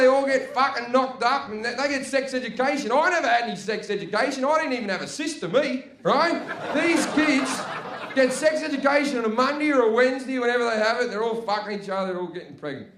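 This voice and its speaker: A man's voice: very high voice, quick pace, hardly any pauses, fairly bright tone. A man with an Australian accent doing a brash, profane stand-up comedy set, chatty and full of tag questions, live on stage at a comedy venue. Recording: echoey noisy live room.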